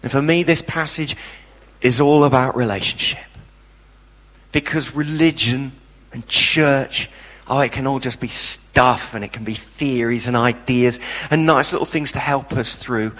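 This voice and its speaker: A man's voice: medium pitch, a little slow, fairly bright tone. A man preaching a sermon, impassioned and emphatic with blunt everyday turns of phrase. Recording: reverberant hall.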